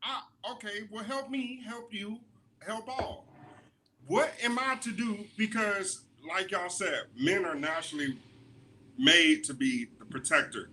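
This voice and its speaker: Bright-voiced laid-back man debating. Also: sits high, unhurried, a little hiss or hum. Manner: laid-back, argues with rhetorical questions. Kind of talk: casual group chat.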